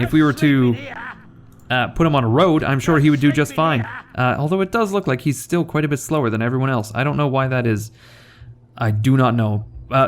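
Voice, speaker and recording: A young man giving casual, rambling game commentary, joking and self-deprecating as the host. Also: medium pitch. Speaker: gaming video host.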